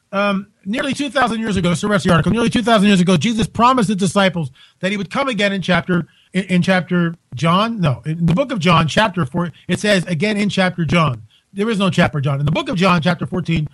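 Incredulous high-voiced radio host. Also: male voice, brisk, poor audio. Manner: incredulous, animated, many restarts. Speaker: radio talk show host. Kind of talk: talk radio commentary. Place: home, live broadcast.

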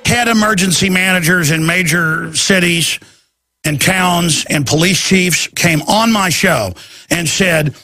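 A man hosting a talk radio show, ranting in an intense, rapid-fire, urgent way. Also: sits high, expressive, bright, forceful tone, dry recording, clean studio sound.

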